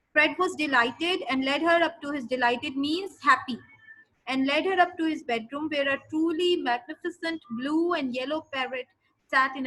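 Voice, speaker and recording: A woman teaches an online class, reading a story aloud and explaining words as she goes. Her voice is high and bright. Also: poor audio. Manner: explains words in passing, fillers like "so, uh". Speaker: English teacher. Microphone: online class microphone.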